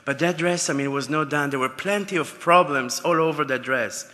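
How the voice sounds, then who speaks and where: A man's voice: fairly high pitch, moderate pace, sharp tone. A man giving an acceptance speech at a gala, telling heartfelt stories. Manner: heartfelt, anecdotal storytelling. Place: large gala ballroom. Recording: long hall reverb.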